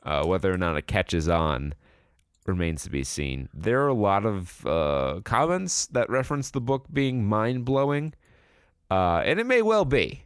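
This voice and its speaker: A man with a low voice chats loosely on a podcast, wandering through tangents with a sarcastic edge. His pitch rises and falls a lot as he talks. The sound is close and dry. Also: sing-song, unhurried, clean tone, no room sound. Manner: rambling, sarcastic, swears a lot. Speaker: podcast co-host. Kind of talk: casual chat.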